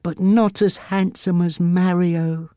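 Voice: mid-range voice, steady tone, slow, warm tone, clear, resonant tone, no echo, clean studio sound, voice pushed up, lightly acted. A narrator voicing a shy, smitten teenage girl in a storybook reading. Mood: eager.

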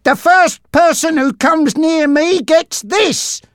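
A trapped, frightened man who yells threats at his attackers and then begs them to stop, performed by a storyteller. The voice is pushed much higher than the reader's usual, strained and loud. It is recorded close and dry. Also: slow, no echo. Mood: threatening. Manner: pleading, shouting. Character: desperate trapped young man.

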